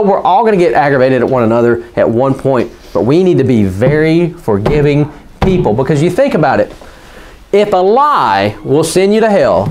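A man's voice: medium pitch, darkish tone, slight background noise. A male pastor preaching a sermon in a church, folksy and joking, then rising into fervent preaching while the congregation calls out amens. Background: congregation calling out amens.

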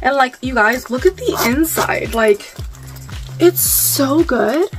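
Young woman, high voice, gushing vlogger energy, soft music under her. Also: animated, takes it slowly. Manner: bubbly and gushing, many fillers and squeals. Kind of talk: casual haul vlog.

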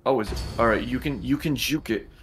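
A man's voice: medium pitch, a little fast, fairly bright tone, faint music behind. A man streaming a game, chatting casually, swearing often and talking his partner through the game. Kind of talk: casual gaming chat.

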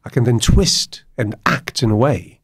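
A man from Poland, a radio guest telling stories in an animated way and tagging his points with "yeah?", recorded in a studio. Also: medium pitch, normal speed, breathy edge. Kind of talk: radio interview conversation.

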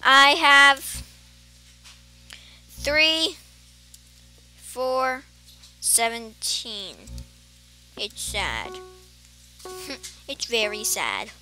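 A woman's voice: high-pitched, expressive, drawn-out words, pauses often, pushed and bright. A woman rambling through casual gameplay commentary, giggling and making playful beeping sound effects. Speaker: gamer commentating her play. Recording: faint game music behind.

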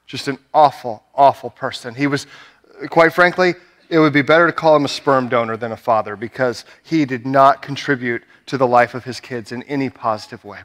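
In a church sanctuary, a young adult pastor preaches a sermon, earnestly telling a personal story full of "right?" asides and restarts. His mid-range voice is brisk and a bit bright.

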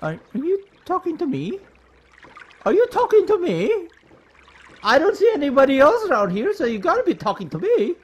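A man voicing a timid, earnest young boy in a game, a bit higher than his own voice. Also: wildly swooping pitch, moderate pace, dull audio, heavily acted.

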